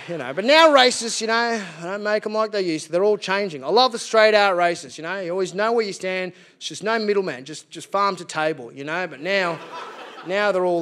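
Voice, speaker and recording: An Australian man performing a stand-up comedy set to a live theatre audience, lively and mocking, slipping in and out of voices. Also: high voice. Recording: live theatre set with faint background noise.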